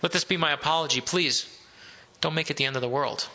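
A man's voice: on the high side, fast, bright, forceful tone. A man doing a pushy street-smart manager. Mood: coaxing. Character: blunt middle-aged male restaurant manager.

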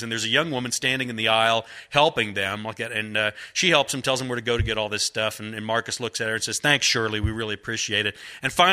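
A man's voice: medium pitch, sharp tone. A middle-aged man, an author telling rambling, folksy stories to a live audience, full of fillers. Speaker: author at a book event.

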